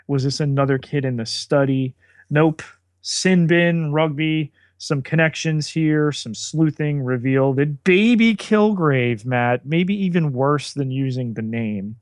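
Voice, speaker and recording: A man co-hosting a podcast, narrating plot beats in a measured recap. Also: mid-range voice, no room sound. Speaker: podcast co-host. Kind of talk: casual episode recap.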